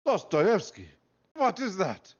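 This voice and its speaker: High-pitched, shrill, pleading, hammy Russian accent, comic reading, a man doing it, lo-fi. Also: wildly swooping pitch, slow, husky, heavily acted. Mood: panicked. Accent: Russian (put-on). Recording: dull lo-fi recording.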